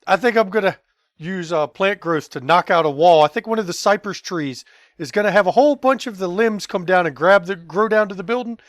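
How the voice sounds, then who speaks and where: Eager player in a tabletop game, dry sound, mid-pitched voice. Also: a little fast, dry recording. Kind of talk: casual tabletop game play.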